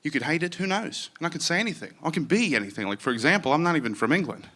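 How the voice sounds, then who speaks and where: A man's voice: a little high, animated, racing, bright, forceful tone. A man doing stand-up comedy in a wry, conversational way.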